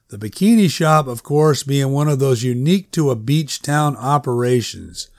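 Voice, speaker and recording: A man's voice: medium pitch, lively intonation, normal speed, hardly any pauses, no echo, clean studio sound. A man narrating a story in a conversational, wry storytelling manner. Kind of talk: audiobook narration.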